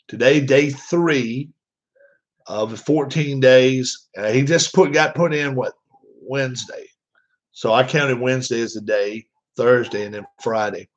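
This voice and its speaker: Rambling man chatting, lo-fi sound. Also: medium pitch. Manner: rambling, with many fillers and restarts. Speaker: vlogger. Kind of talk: casual chat to viewers. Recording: dull lo-fi sound.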